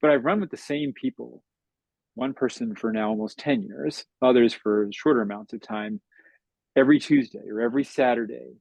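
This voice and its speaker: A middle-aged American man speaking as an interview guest, reflective and measured, often saying "you know". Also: medium pitch, lively intonation, gravelly, darkish tone, no echo, poor audio. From United States. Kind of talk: conversational interview.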